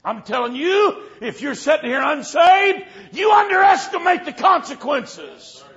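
A preacher delivering a fiery revival sermon in church, moving from low storytelling to shouted warnings. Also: male voice, sing-song, unhurried, some chatter behind. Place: church service. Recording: dull lo-fi recording.

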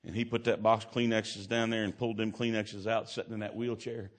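Fervent folksy preacher man, low voice. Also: level tone, brisk. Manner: fervent, swings from loud climbs to hushed storytelling; folksy, colloquial grammar. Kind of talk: sermon.

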